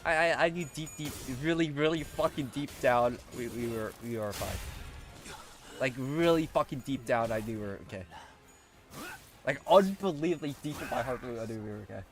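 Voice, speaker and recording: A young man live-streaming a game, swearing often and swinging between squealing pleas and low muttering. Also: normal speed, soft background music. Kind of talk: live gameplay commentary.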